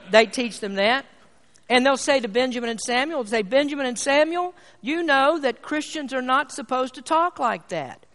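A man preaching a sermon in a church, emphatic, swinging between loud and quiet. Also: sits high. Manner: emphatic, rises and falls in volume. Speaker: pastor. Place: church sanctuary. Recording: long hall reverb.

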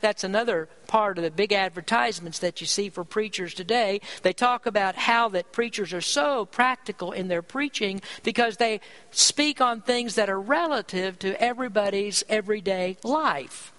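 A man's voice: high-pitched, pushed and bright, rough recording. A man preaching a sermon, emphatic and full of rhetorical questions.

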